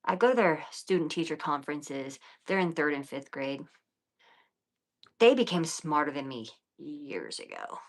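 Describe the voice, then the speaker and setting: Low-voiced, blunt, profane woman streamer. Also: expressive, measured pace. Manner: blunt, profane and defiant, talking to viewers; drops often to whispers and mutters. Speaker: livestream host. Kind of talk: casual late-night livestream chat.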